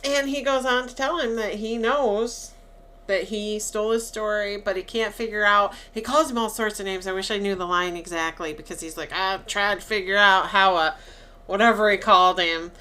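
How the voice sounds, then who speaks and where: Woman podcast co-host, lively storyteller, bright voice. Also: mid-range voice, moderate pace. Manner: chatty, animated retelling with quoted lines. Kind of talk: casual chat recapping a film.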